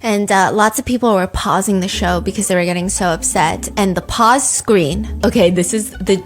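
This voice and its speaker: A woman podcast host tells a story in a casual, animated style, laughing often. Her voice is medium-pitched and she speaks at a moderate pace.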